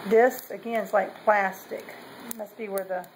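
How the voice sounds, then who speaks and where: This low-quality clip, carrying a slight hiss or hum, features a woman presenting her kiln results in a relaxed show-and-tell vlog. She speaks at normal speed with a steady, medium-pitched voice, meandering and often correcting herself between ums.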